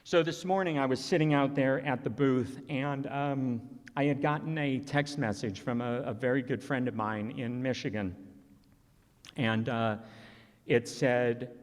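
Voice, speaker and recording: A man's voice: mid-range voice, steady tone, unhurried. A man giving a conference presentation, earnest and conversational, telling personal stories with open emotion. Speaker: conference speaker. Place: conference hall. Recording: long reverb of a large hall.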